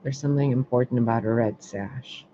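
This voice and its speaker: A man's voice: mid-range voice, steady tone, brisk, mellow. A man reading tarot and oracle cards on a livestream, musing and playful, talking to the cards, with a muffled recording and faint hiss. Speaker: tarot and oracle card reader.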